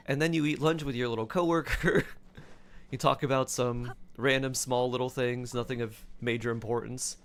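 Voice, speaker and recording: Guy on stream telling a long story, chatty, mid pitch, lots of little fillers. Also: moderate pace, faint music behind. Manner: chatty and animated, many fillers and laughs. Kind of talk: casual chat retelling a dream.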